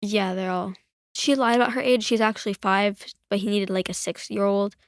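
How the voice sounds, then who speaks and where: A woman's voice: medium pitch, steady tone, normal speed, no room sound. Chatty woman rambling, dry close sound. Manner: rambling, filler-heavy retelling. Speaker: podcast guest. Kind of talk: casual chat.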